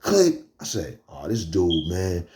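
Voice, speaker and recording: Low, mellow Bronx man telling a story. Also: normal speed, a little hiss or hum. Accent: New York, Bronx. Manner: animated, slangy, fillers like "you heard?". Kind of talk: casual street storytelling.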